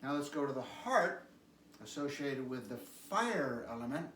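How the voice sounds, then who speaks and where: Slow-talking man guiding qigong in echoey room. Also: medium pitch, slight background noise. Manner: calm, unhurried cueing with repeated prompts. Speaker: qigong instructor. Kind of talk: guided exercise instruction. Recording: echoey room, mic at a distance.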